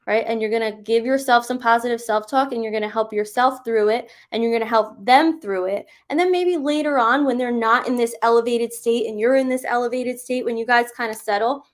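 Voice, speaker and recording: A woman's voice: a little high, fairly quick. A woman giving parenting advice in a live question-and-answer session, conversational and reassuring, often checking in with "right?". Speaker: parenting coach.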